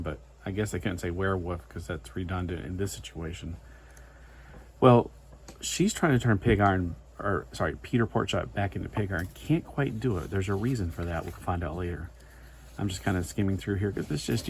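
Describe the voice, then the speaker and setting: A man's voice: sits low, a little mellow, slight background noise. A man giving a casual, rambling comic book review, full of chatty asides and filler words.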